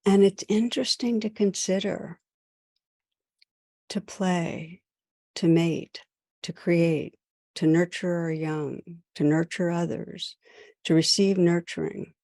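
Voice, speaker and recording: A woman meditation teacher and podcast host giving a recorded talk in gentle, measured short phrases with pauses. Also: on the low side, fairly even intonation, no echo, clean studio sound.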